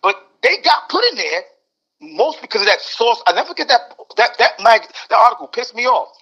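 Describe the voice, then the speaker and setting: A man's voice: very high voice, big pitch swings, brisk, pushed and bright, slightly rough. A man in his sixties arguing heatedly as a podcast guest, mimicking voices and repeating words. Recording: dull lo-fi audio.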